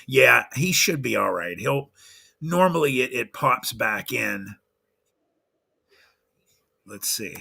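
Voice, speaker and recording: A man's voice: medium pitch, expressive, takes it slowly, creaky, long pauses, bright, forceful tone, husky. A man hosting a livestream in a casual chatty way, greeting viewers by name one after another. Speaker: livestream host.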